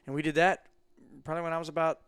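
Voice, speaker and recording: A man telling stories casually as a guest, acting out quotes in lively bursts. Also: racing, smooth, no room sound. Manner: animated, acts out quotes with big jumps in pitch. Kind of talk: casual storytelling.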